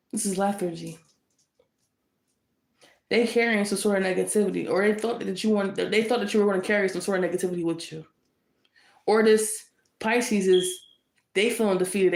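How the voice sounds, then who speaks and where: A woman's voice: mid-range voice, vocal fry. A woman deals out a tarot reading in a fiery, confrontational rush, circling back on her points again and again. Her voice sits in an ordinary middle register. The sound carries a roomy echo. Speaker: tarot reader.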